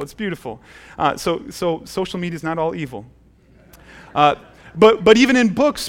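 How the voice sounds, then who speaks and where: A middle-aged male pastor preaching a sermon in a church, earnest, often repeating words as he restarts his phrases. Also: high voice. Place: church sanctuary.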